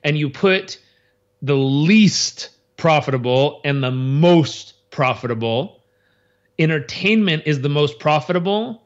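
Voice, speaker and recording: A man giving an interview in a casual, animated way, acting out crowd reactions and often restarting his sentences. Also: fairly high pitch, slow, highs cut off. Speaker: interview guest.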